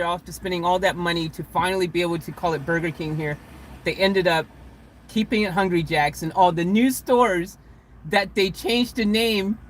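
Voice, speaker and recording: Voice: mid-range voice, a bit bright. A vlogger telling a story casually from inside a van, rambling, correcting himself mid-sentence and chuckling along the way.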